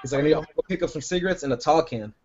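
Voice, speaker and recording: A man's voice: fairly high pitch, rapid-fire, darkish tone, highs cut off. A man co-hosting a podcast, telling a long rambling story full of profanity in casual chat. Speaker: podcast co-host.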